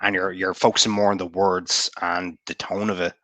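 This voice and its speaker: Laid-back Irish man, lowish voice. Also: level tone, normal speed, pushed and bright, dry recording. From Ireland. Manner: easygoing, laughs often, hedging fillers. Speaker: guest, novelist. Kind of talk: casual chat.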